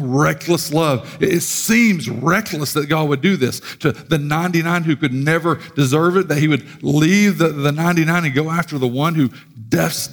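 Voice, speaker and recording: A male pastor preaches in a loose, conversational way, with a gravelly edge to his voice. He restarts and repeats words as he goes. A long reverb rings through the large hall. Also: medium pitch. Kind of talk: sermon.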